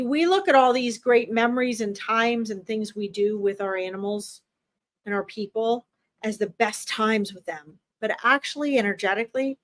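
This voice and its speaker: A woman's voice: fairly high pitch, fairly bright tone. Earnest woman giving an animal reading. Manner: earnest, emphatic, repeats herself. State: tearing up. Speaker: animal communicator. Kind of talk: livestream pet reading.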